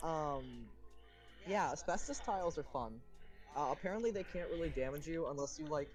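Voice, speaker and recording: Over faint background music, a young man with a fairly high voice chats casually as a guest on a stream at a moderate pace. Animated and flustered, he laughs at himself, and his voice cracks now and then.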